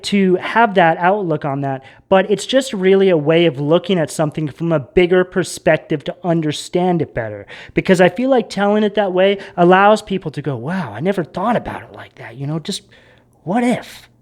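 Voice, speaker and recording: High-pitched guy rambling through a tarot reading, emphatic, kinda worked up. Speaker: tarot reader. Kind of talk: casual tarot reading monologue.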